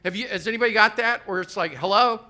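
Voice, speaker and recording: A man's voice: sits high, rapid-fire, bright, forceful tone. A man in his fifties doing a rambling, profane, self-deprecating stand-up set on a live comedy stage. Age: 50s.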